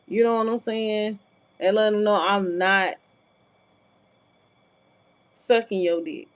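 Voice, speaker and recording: A woman's voice: mid-range voice, little pitch movement, a little slow, long pauses. A woman vlogger telling a personal story in a casual, blunt, profane way, with frequent filler asides. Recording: dull lo-fi sound.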